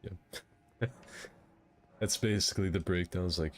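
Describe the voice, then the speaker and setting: A man's voice: low voice, steady tone, unhurried. A young man hosting a casual gaming stream, rambling through crude jokes and banter. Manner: rambling, crude joking banter with frequent laughs. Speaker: streamer hosting a game fight night.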